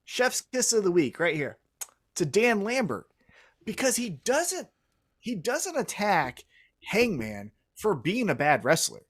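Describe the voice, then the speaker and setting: A man co-hosting a wrestling podcast in casual chat, animated, with quick asides and some swearing. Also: sits high, husky. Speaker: co-host.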